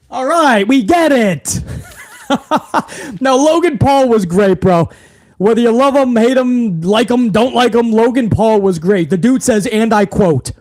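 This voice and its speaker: This New England host reviews wrestling live in a casual, excitable, fan-with-friends style laden with profanity and slang. His high voice has wide pitch swings, and he talks a little slowly.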